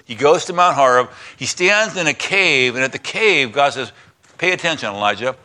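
A man preaching a sermon, retelling scripture with voiced parts, dropping to a hush for God and rising high for Elijah. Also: animated, normal speed. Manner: drops to a hushed voice for God's lines, climbs high for Elijah's complaints. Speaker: pastor.

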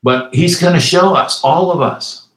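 A man's voice: on the high side, a bit bright. Man preaching in a roomy echo. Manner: reads scripture slowly, then adds quick conversational asides. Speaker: pastor. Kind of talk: sermon.

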